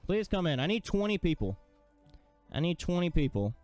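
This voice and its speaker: A man's voice: high-pitched, big pitch swings, normal speed, darkish tone, no echo, soft background music. Exasperated, sweary male gamer. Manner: exasperated, swears a lot, rants at the game. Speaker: gaming streamer. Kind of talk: frustrated gameplay commentary.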